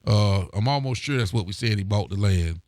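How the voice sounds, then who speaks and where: A man's voice: lowish voice, expressive, fairly quick, darkish tone, dry recording. A man, a sheriff hosting a local live talk show, chatting casually and greeting viewers by name. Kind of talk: casual live-stream chat reading viewer comments.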